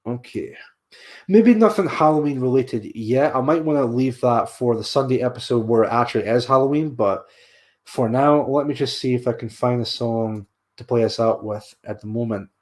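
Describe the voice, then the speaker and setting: A man's voice: medium pitch, moderate pace, a little mellow. A man hosting a podcast livestream, tired and yawning, rambling and repeating himself as he signs off. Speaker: podcast host. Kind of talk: casual livestream sign-off.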